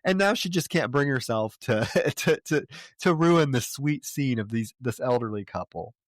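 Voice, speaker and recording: Man, podcast co-host, lively swooping voice, dry close sound, casual profane storytelling. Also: medium pitch, normal speed, dry recording. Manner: animated, profane storytelling with laughs. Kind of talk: casual chat recapping a film.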